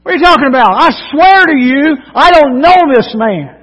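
A man's voice: very high voice, animated, fast talker, in a large hall, lo-fi sound, voice pushed up. A man preaching acts out a panicked fisherman who swears he does not know the man, pleading and close to crying. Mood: frantic denial.

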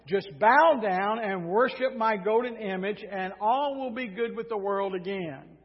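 A bossy, wheedling king played by a preacher coaxes his subjects and then turns to threats. His voice sits high, sounds muffled, and echoes through a large hall. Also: measured pace. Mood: coaxing. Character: pushy, cajoling ancient king. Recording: dull sound in a reverberant hall.

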